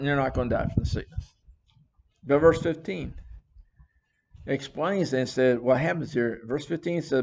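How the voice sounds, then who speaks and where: A man's voice: medium pitch, a little mellow. A man leading a Bible study, retelling scripture in plain, conversational words with frequent restarts.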